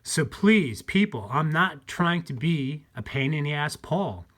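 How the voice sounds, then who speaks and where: Man, own channel host; slow, halting, repetitive monologue, pitch swinging widely. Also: animated, fairly bright tone. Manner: repetitive, halting, addresses viewers as folks. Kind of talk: rambling monologue to viewers.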